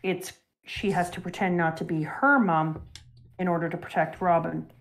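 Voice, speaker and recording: A young adult woman hosting a casual talk show, retelling a story with animated, emotional energy. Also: on the low side, normal speed. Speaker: show host. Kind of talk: casual chat retelling a manga.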